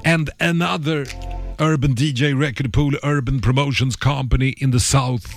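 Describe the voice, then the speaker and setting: A man hosting a radio show, running through shout-outs in loose, repetitive DJ patter with stutters. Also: medium pitch, fairly even intonation, normal speed. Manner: hype DJ patter with stutters and repeats. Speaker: radio DJ host. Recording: music playing underneath.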